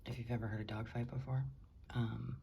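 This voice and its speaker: A woman speaking in a hushed, indignant way, often whispering, as she records from her bedroom on a top floor. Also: extremely low pitch, little pitch movement, brisk, gravelly, highs cut off, heavy background noise. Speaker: concerned housemate.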